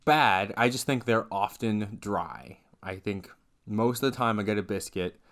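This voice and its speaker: A young man with a fairly low voice chats casually as a podcast co-host. His humor is dry and offbeat, and he delivers strange lines flatly. The tone stays easy and conversational. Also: measured pace. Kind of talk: casual chat.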